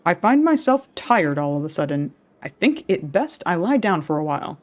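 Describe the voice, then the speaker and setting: Woman voicing a gentle, forgetful old husband. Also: on the low side, very animated, normal speed. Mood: tender.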